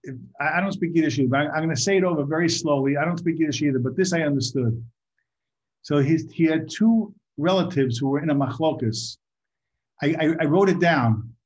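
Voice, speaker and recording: A man giving an informal Torah talk to a group, halting and repeating his words, sometimes asking the audience questions. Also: fairly high pitch, darkish tone. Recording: muffled lo-fi recording.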